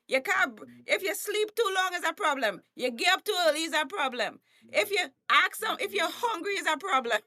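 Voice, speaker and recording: A Trinidadian woman, a coach and comedian, talks bluntly with frequent laughter on a podcast. Her voice sits high and sounds bright and forceful. She acts out little quotes as she goes. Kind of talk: animated podcast conversation.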